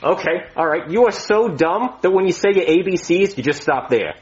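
A man's voice: sits high, lively intonation, normal speed. A man playing a boastful, blustery therapist in a comedy skit. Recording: dull lo-fi sound.

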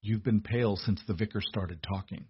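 A gruff nobleman husband, as a man voices him in a storybook reading, talks in blunt, matter-of-fact remarks. His voice sits low and slightly husky. The recording is dry and a little muffled. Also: steady tone, moderate pace, no echo. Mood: quiet.

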